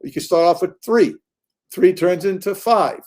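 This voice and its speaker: An American man appears as a guest on a political show and talks about local organizing. He speaks earnestly, with halting restarts. His voice is slightly higher than most men's. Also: a little mellow. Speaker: guest, local party official. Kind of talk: political talk.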